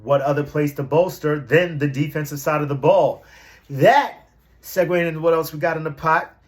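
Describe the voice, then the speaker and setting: Talking at a normal speed, a young man offers casual fan commentary on his team in a slangy, meandering vlog. His voice sits a bit above typical male pitch, and he periodically bursts into loud, excited yelling before calming into easy talk.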